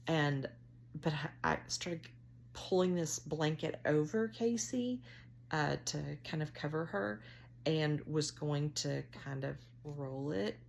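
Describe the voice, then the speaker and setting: A middle-aged woman, chatting to camera as she tells a story on herself, with drawn-out, self-mocking phrasing. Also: deep voice, creaky, darkish tone, slight background noise. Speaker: vlogger.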